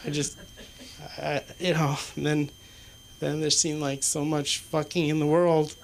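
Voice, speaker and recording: A man performing stand-up in a small comedy club, his delivery halting and rambling, with a swear word every few phrases. Faint room noise sits under his voice. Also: fairly high pitch, flat delivery, creaky. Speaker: stand-up comic. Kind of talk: stand-up set.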